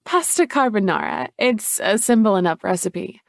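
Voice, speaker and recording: A woman voicing a cheery, falsely friendly female accountant in an audiobook, in a bright, high voice. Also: big pitch swings, moderate pace, gravelly, no echo, clean studio sound.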